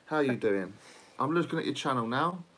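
A man's voice: mid-range voice, lively intonation, fairly quick, a bit bright. A man co-hosting a casual live stream, teasing viewers and swearing freely.

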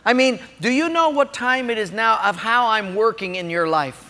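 Guy doing god's voice, soft searching questions, highish, echoey big room. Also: normal speed. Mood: gentle. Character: God, calm gently probing male voice. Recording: long hall reverb.

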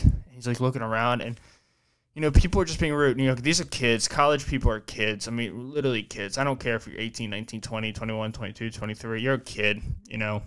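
A man's voice: mid-range voice, fairly even intonation, fast, clear, resonant tone. Rambling young man telling a story. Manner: rambling, profane, with many fillers and restarts. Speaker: podcast host. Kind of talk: casual storytelling chat.

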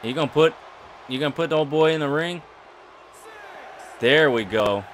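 A man's voice: on the high side, normal speed, fairly bright tone, a little hiss or hum. Man doing playful play-by-play over a game. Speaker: gaming channel host. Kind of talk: let's play commentary.

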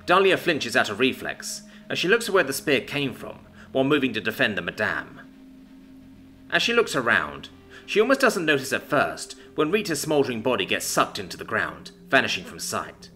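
Lively-voiced male story narrator. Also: mid-range voice, moderate pace, soft background music. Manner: expressive dramatic reading. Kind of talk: scripted narration.

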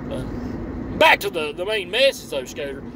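Man ranting outdoors, high lively voice. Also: normal speed. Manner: sarcastic, profane, rambling. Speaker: online commentator. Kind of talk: rambling mocking rant. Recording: distant mic with loud traffic noise.

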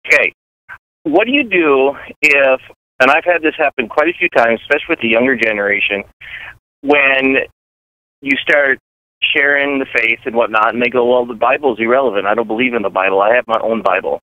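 A man's voice: medium pitch, a little fast, no room sound. Male caller on a tinny phone line. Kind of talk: phone-in question.

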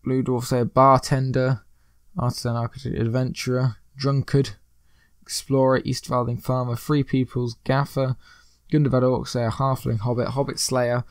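A man's voice: medium pitch, little pitch movement, normal speed, dry recording, studio quality. Joking, rambling man narrating gameplay. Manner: rambling, joking, pun-loving. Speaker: let's play host. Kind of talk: gameplay commentary.

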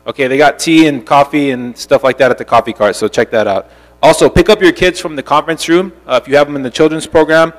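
A man making event announcements in a casual way, with many fillers. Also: fairly high pitch. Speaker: event organizer. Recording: echoey hall.

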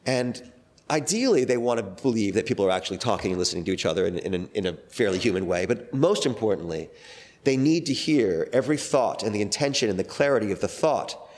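A man's voice: lowish voice, animated, fast talker, darkish tone. A middle-aged man, a guest actor, talking casually in an interview, rambling with many fillers and restarts.

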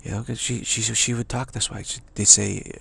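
Male spiritual teacher, rambling and emphatic, very raspy and low. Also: little pitch movement, normal speed, sharp tone. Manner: emphatic, repeats himself, chuckles. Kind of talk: rambling spiritual talk to camera.

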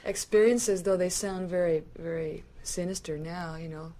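A woman's voice: on the low side, steady tone, normal speed, warm tone. A young American woman musician, a guest in an interview, telling stories in a playful, joking way and laughing often. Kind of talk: casual storytelling conversation.

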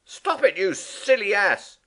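A man voicing a cheerful, bossy male water rat in a storybook reading, brisk and fussy. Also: fairly high pitch, lively intonation, pitched above the performer's own voice. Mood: alarmed.

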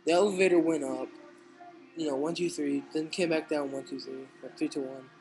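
A teenage boy telling jokes in a casual, rambling way, halting with fillers and restarts. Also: a little high, steady tone, a little mellow, soft background music, poor audio. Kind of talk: casual stand-up style joke telling.

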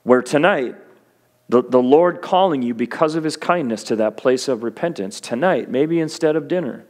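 Earnest, slightly high-voiced male pastor. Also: normal speed. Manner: earnest and encouraging, with homely humorous asides. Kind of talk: sermon.

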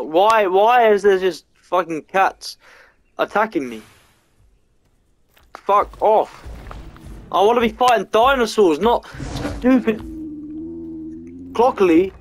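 A man giving let's-play game commentary, swearing a lot and swinging between frustration and excitement. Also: high voice. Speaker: gamer.

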